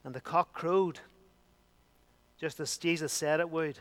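Resonant preacher, high and emphatic. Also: male voice, steady tone, unhurried. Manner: emphatic preaching, swinging from loud to hushed. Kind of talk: sermon.

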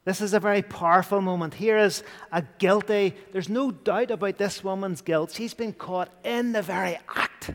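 A man preaching a sermon, his voice sitting a little higher than most. He is earnest and now and then sinks to a hush to press a point. A long reverb trails after his words. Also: normal speed, hardly any pauses. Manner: earnest preaching, dropping to hushed tones for emphasis.

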